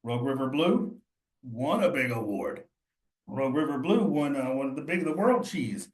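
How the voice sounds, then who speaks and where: A man's voice: mid-range voice, expressive, normal speed, reverberant. A man leading a cheese exam study session, reasoning through quiz answers aloud in a casual, encouraging way.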